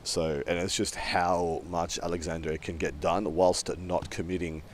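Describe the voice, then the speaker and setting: A man's voice: low-pitched, level tone, unhurried, a little hiss or hum. A young Australian man co-casting a live tabletop tournament, laid-back and jokey. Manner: laid-back banter with slang. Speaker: co-caster.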